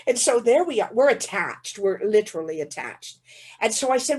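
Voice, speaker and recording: Woman, keynote speaker, animated storytelling, husky voice, restarts with repeated words. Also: fairly high pitch, normal speed. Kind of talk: humorous personal storytelling in a keynote talk.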